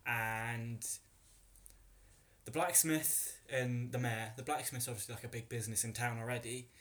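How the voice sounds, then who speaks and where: A man's voice: medium pitch, fairly even intonation, normal speed, a bit bright. A man playing along in a comedic podcast chat, rambling as he thinks aloud. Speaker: player.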